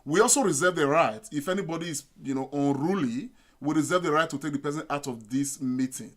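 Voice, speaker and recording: A man's voice: on the high side, a little fast. A Nigerian man hosting an online video-call meeting in a loose, chatty way with many fillers. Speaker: meeting host.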